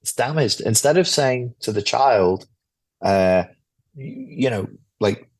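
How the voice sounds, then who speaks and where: A man's voice: medium pitch, expressive, slow. A man, a guest author, explaining a psychology topic in an interview in a blunt, lecture-like way, swearing freely.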